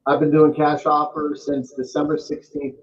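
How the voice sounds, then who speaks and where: A man from Massachusetts co-hosting a casual real estate chat, emphatic and quick to agree. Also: on the high side, level tone, highs cut off. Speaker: real estate agent, co-host.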